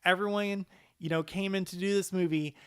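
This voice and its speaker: Guy cohosting a movie podcast, lively and cursing, kinda high voice, super dry mic. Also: a little fast, smooth, dry recording. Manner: animated, profane, laughing often. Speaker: podcast co-host. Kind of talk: casual chat.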